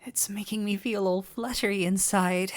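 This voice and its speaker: A woman's voice: medium pitch, steady tone, a little slow, lightly acted. A woman voicing a sweet, clumsy male dullahan boyfriend in an audio role-play, tender and giddy with affection. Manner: tender, giddy and affectionate, playful self-teasing. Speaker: voice actor.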